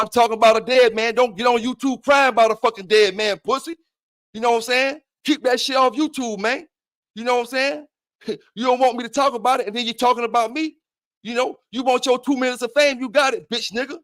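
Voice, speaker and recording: Man, very high voice, profane taunting livestream host. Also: fairly bright tone. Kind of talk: heated livestream trash talk.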